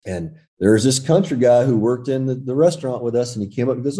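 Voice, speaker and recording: A man's voice: on the low side, fast talker, hardly any pauses. A man from California, a podcast guest telling stories with lots of fillers in casual conversation. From California, United States. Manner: animated storyteller, frequent fillers.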